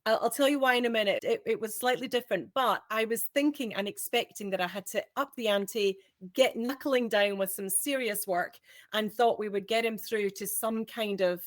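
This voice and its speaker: A woman's voice: fairly high pitch, moderate pace, dry recording, clean studio sound. A middle-aged woman with a Scottish accent, a homeschooling mother talking casually on a panel, chatty and prone to restarting sentences. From Scotland. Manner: chatty, rambling, self-correcting.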